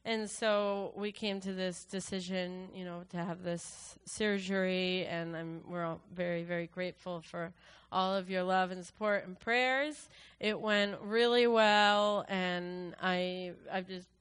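A woman sharing a personal testimony with her congregation, speaking emotionally and haltingly with many fillers and restarts. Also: lowish voice, fairly even intonation, fairly bright tone, clear, resonant tone. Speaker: church worship leader.

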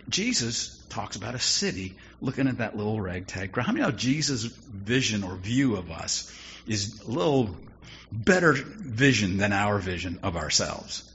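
A lower-voiced man delivers a sermon like he's talking with friends, dropping dry jokes between his points. The recording is dull and lo-fi with a faint hiss underneath. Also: a bit bright. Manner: conversational preaching with wry humor. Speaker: pastor. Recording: dull lo-fi sound with faint noise.

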